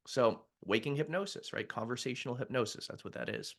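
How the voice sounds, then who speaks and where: A man's voice: mid-range voice, a little fast, vocal fry. A middle-aged man, a mindset coach, talking candidly and conversationally in a live stream, with frequent restarts. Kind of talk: live-streamed casual talk.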